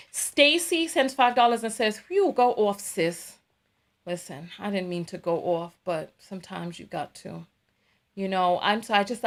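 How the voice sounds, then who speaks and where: A woman's voice: mid-range voice, fairly bright tone. A woman hosting a livestream, reacting heatedly and reading out viewer donations. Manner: heated, repeats herself when angry. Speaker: host. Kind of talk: livestream commentary.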